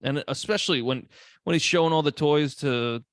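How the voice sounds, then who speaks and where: A man co-hosting a casual movie podcast, animated and profane, acting out characters' lines as he talks. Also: on the high side, normal speed, no echo, studio quality. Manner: animated, swears a lot, acts out characters' lines. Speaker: podcast co-host.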